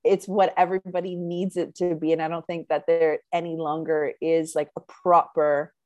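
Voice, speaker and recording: A woman's voice: sits low, level tone, normal speed, a little mellow, dry recording, highs cut off. A woman hosting a podcast, chatting enthusiastically and casually with lots of fillers and giggles. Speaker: podcast host.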